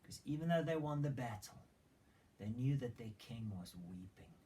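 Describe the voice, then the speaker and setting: A man preaching a sermon as a story, retelling it with dramatic emphasis and hushed moments. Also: mid-range voice, expressive, moderate pace. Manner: dramatic retelling, swings between loud emphasis and hushed whispers. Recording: distant mic with faint background noise.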